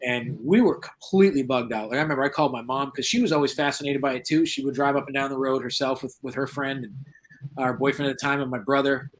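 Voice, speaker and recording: As a podcast guest in a relaxed interview, this paranormal investigator, a New Englander in his forties, spins an animated tale and acts out the lines of dialogue. He talks fast in a mid-range voice, captured in a low-quality recording.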